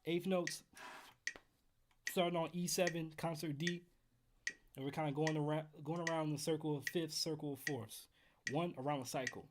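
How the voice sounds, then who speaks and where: A man hosting a casual livestream trumpet lesson from home, counting in exercises and chatting with viewers in a relaxed way. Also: on the high side, moderate pace, pauses often, background noise. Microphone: headphones while streaming.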